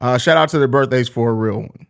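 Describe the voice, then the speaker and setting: A man's voice: medium pitch, quick pace, vocal fry, clear, resonant tone. A young man hosting a live sports podcast, reading viewer comments and joking in loose, profane slang. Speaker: podcast host.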